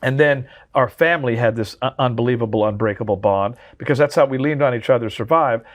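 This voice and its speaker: A man's voice: mid-range voice, fast. A man in his sixties, a guest telling heartfelt stories in an interview, earnest and full of restarts. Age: 60s. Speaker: drummer and memoir author, guest. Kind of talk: interview conversation.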